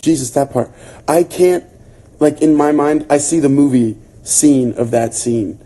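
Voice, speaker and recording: A young man with a slightly high voice talks in an unhurried way while hosting a livestream book club. Loose and relaxed, he fills his speech with fillers and reads viewer comments out loud, responding to them.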